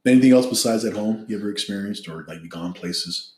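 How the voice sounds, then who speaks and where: A male podcast host asking questions in a chatty, animated way during a casual interview. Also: on the low side, fast talker, echoey room. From Mexican-American family.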